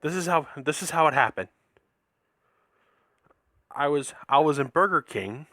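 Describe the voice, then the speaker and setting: Male storyteller, slightly high and very bright, slow and stumbling, rambles with restarts, dry close sound. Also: animated, no room sound. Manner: rambling, with many restarts and repeated words. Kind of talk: casual spoken fan-fiction story.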